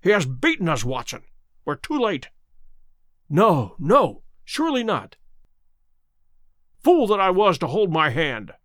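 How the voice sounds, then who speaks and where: A man voicing a grim, commanding male detective who speaks low and urgently, in an audiobook reading. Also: huge pitch swings, a little slow, long pauses, fairly bright tone, dry recording, studio quality, full character voice. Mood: bitter.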